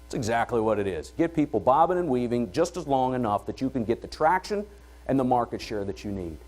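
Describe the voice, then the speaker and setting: Opening a conference from the stage, a middle-aged event host and entrepreneur speaks briskly, his pitch rising and falling freely. He stays energetic and conversational, checking in with the hall's audience by asking "all right?"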